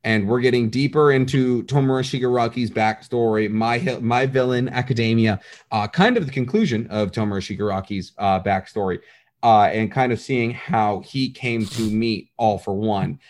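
Casting: male podcast co-host, average pitch, rambling animated chatter. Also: normal speed. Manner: animated, rambling, acts out quotes. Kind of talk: casual chat.

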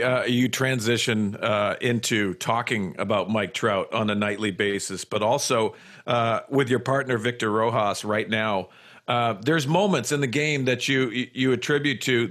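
A man co-hosting a casual podcast interview. He asks long questions in a halting way, full of fillers and restarts. His pitch is ordinary. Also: a bit bright. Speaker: podcast co-host.

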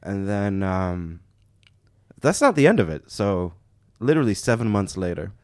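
A man's voice: low voice, very animated, moderate pace, a little mellow, no room sound, clean studio sound. A young man from Canada casually telling a story on a podcast, laughing as he acts out the other people's lines.

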